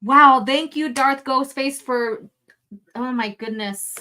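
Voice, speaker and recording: A woman's voice: high voice, takes it slowly, pushed and bright. A woman live-streaming a fan film review, talking casually, laughing and swearing often.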